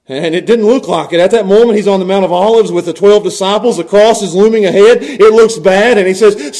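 A man with a high voice preaches with lively energy. He swings from hushed, low passages to loud, ringing lines and chuckles often between his points, as a pastor in the middle of a sermon. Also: a little fast, hardly any pauses.

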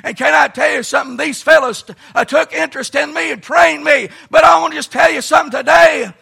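A man preaching a shouted camp-meeting sermon in a folksy, strained voice. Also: very high voice, brisk, gravelly. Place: large church or camp meeting, live congregation.

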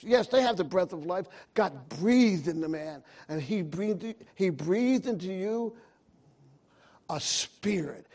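A man preaching a sermon, calling out to his congregation and rising into loud, emphatic bursts. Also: high-pitched.

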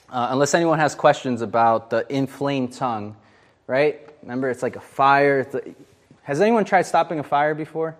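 A man leading a casual Bible study, chatty and full of fillers, often asking the group questions. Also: medium pitch. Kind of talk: casual interactive Bible teaching.

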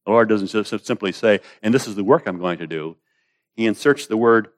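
A man with a fairly low voice delivers an expository sermon. He swings from loud, pleading cries when voicing the prayers down to low, quiet asides, and calls his listeners beloved. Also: brisk. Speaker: preacher.

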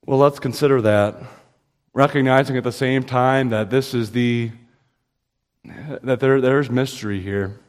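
A man preaching a sermon as pastor, emphatic, with sudden rises in pitch and slow, stressed quotations. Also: fairly even intonation, clean tone, big-room sound.

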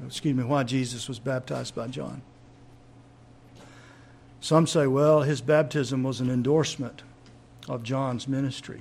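A man preaching a sermon, teaching in an emphatic way and asking rhetorical questions. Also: mid-range voice.

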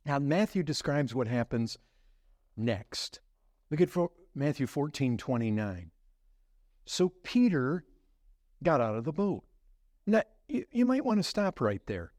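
A pastor delivers his sermon in a sing-song voice at a measured pace, leaving long pauses. He tells a story vividly, falls low and quiet, then rises in intensity and poses rhetorical questions to the congregation.

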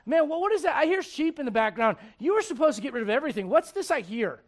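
A man's voice: very high-pitched, sing-song, fast talker, pitched above the performer's own voice. A man voicing a stern, blunt male prophet who talks in casual modern slang.

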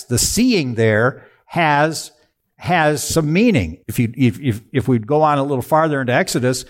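A man preaching a sermon, asking the congregation rhetorical questions and answering them himself. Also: mid-range voice. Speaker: pastor.

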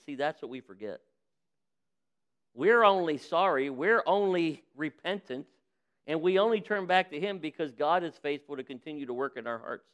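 A man preaching as a pastor, who reads a parable aloud with lively voices for its people and then preaches on it. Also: fairly high pitch, normal speed, smooth. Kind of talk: sermon with a read-aloud story. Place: church.

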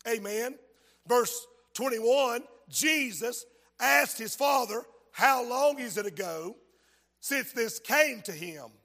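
A male preacher delivers a fiery revival sermon in a very high, ringing voice. He shouts his points and reads old scripture aloud. His voice carries a long reverb through the church sanctuary. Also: lively intonation, slow pace.

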